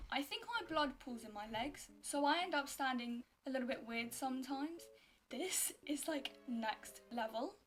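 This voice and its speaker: A high-pitched young woman tells stories in a chatty, exasperated way, filling her talk with "like". Her delivery is casual, as in a vlog. Music plays clearly underneath her voice. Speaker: YouTuber. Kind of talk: casual storytelling and reacting.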